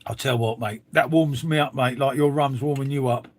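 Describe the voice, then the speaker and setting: A man's voice: mid-range voice, steady tone, moderate pace. A middle-aged man chatting casually to viewers on a live stream, swearing freely and trailing off into asides. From England. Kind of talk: rambling casual chat to viewers.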